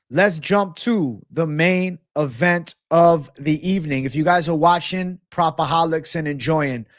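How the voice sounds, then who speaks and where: With a voice that's a little high, a man hosts a live sports betting show and talks directly to his chat. He keeps it laid-back and slangy, swearing freely, over clean studio sound with no echo.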